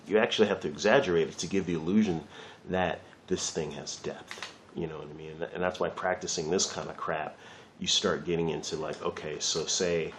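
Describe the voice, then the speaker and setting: A man's voice: deep voice, a little hiss or hum. A man giving a casual, rambling drawing lesson while he works, chatting loosely and swearing lightly. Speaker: art teacher.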